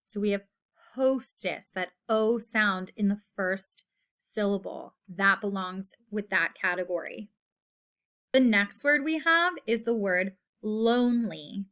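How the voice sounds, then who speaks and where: A woman teacher giving a recorded phonics lesson to children, slowly drawing out each word for them to hear. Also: medium pitch, a bit bright. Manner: slow, patient, drawn-out word modeling.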